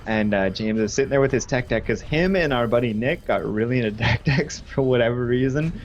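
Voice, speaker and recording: Young man, twenties, casual gaming-stream storyteller, animated, filler-heavy. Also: medium pitch, brisk, dull audio, slight background noise. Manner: animated, laughing, lots of fillers.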